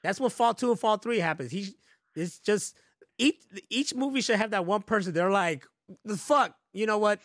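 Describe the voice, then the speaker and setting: Podcast co-host, male, higher voice, dry mic, jokey and loose. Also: animated, moderate pace, dry recording. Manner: laughing, joking, loose swearing banter. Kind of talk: casual chat.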